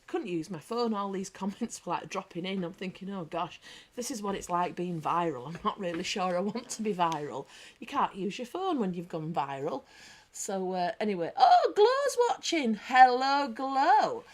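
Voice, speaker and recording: A woman's voice: on the low side, normal speed. A woman with a British accent hosting a casual livestream, chatting, bantering and reading viewer comments aloud. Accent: British English. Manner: lively anecdotal storyteller. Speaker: livestream host. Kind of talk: casual live chat.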